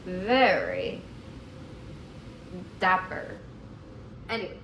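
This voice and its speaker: A woman's voice: on the low side, huge pitch swings, extremely slow, a bit bright, a little hiss or hum. A tipsy woman rambling through a comic retelling, losing her thread and repeating herself. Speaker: storyteller. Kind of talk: comic drunk-history retelling. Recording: echoey room with music.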